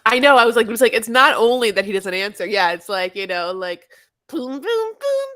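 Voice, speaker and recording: A woman's voice: medium pitch, steady tone, fast talker, sharp tone, no room sound. A woman co-hosting a podcast in casual, playful chat, often imitating voices and messages. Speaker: podcast co-host.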